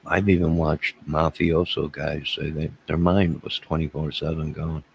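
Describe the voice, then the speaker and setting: A man's voice: a bass voice, level tone, moderate pace, gravelly, slight background noise, poor audio. A man hosting a casual livestream, rambling and self-deprecating as he chuckles and answers viewers' chat. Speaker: livestream host.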